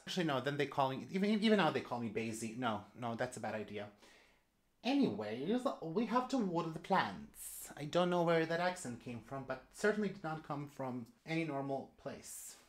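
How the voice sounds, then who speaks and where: A plant vlogger chatting casually and rambling to themselves while doing plant chores indoors. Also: medium pitch. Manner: chatty, rambling, talks to self. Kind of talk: casual vlog chat. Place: indoors among plant tents. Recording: echoey room.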